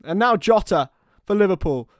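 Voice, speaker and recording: Excitable high-voiced male football commentator. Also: normal speed, dry recording, clean studio sound. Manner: excitable partisan, shouts at goals. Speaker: watchalong commentator.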